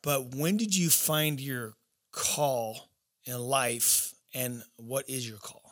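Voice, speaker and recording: A man hosting a casual interview, giving earnest advice and leaning on slow, emphatic phrases. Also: mid-range voice, fairly bright tone. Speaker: interview host.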